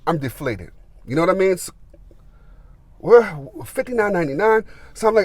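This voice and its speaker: A man's voice: high voice, very animated, normal speed, pauses often. A man, telling a rambling, filler-heavy story as a gardening vlogger. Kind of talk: casual storytelling.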